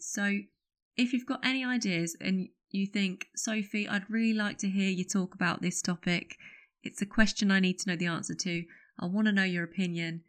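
A woman hosting her podcast, talking to listeners in a chatty, rambling, self-aware way. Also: medium pitch. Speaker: podcast host. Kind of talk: casual solo podcast outro.

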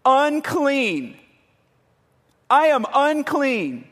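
A man's voice: mid-range voice, measured pace, close to an everyday voice. A preacher acting out a desperate male leper who pleads and cries out, in a reverberant hall. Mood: crying out. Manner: crying out loudly, pleading.

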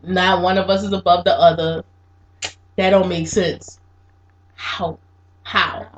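A woman's voice: lowish voice, little pitch movement, slow pace. A woman co-hosting a casual podcast chat, mocking and laughing as she tells stories. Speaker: podcast co-host. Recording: dull lo-fi sound with faint noise.

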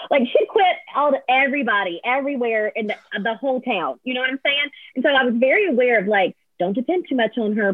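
A woman, a floral designer telling a story as a guest, lively and acting out quotes with sudden high squeals. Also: no echo. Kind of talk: animated storytelling. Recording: tinny phone-like line, dry.

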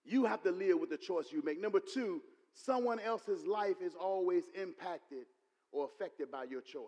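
A man preaching a sermon, repeating his points and building to loud exclamations. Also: sits high, expressive, moderate pace, muffled recording. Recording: long hall reverb.

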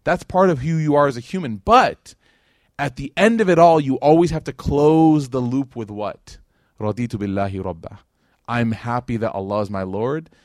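A man's voice: medium pitch, lively intonation, moderate pace, no room sound. Man, 30s, from Chicago, informal lecturer, dry close sound, talks straight to the room. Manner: chatty, uses many fillers like "like" and "you know", asks the audience questions. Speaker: Islamic lecturer. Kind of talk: casual conversational lecture. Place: lecture hall with a live audience.

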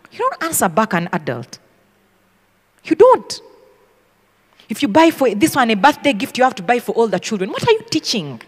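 A woman's voice: a little high, husky, big-room sound. A woman teaching in a preaching style, emphatic and direct, often acting out the voices of children. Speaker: ministry school teacher. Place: teaching hall.

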